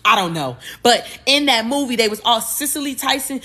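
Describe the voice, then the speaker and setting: A woman hosting a podcast, talking casually and expressively with rambling asides and sudden loud bursts. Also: a little high, animated, a little fast, hardly any pauses. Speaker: podcast host. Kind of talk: casual spiritual talk.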